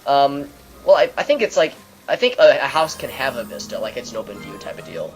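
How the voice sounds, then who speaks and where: Steady mid-pitched man explaining gameplay. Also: fairly quick, faint music behind, poor audio. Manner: steady, explanatory, mildly dry. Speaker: gameplay commentator. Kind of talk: let's play commentary.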